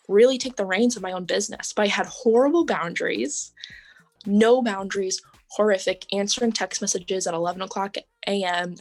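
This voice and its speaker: A young woman, a podcast guest, telling her story in casual conversation, full of "like" and "um" and quick laughs. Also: fairly low pitch. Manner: chatty, lots of "like" and "um", laughs often.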